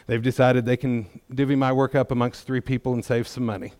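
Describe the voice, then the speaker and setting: A man's voice: mid-range voice, flat delivery, fairly quick, darkish tone, no echo. A middle-aged man giving a testimony in church, talking in a folksy, conversational way with self-deprecating humor. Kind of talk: sermon testimony.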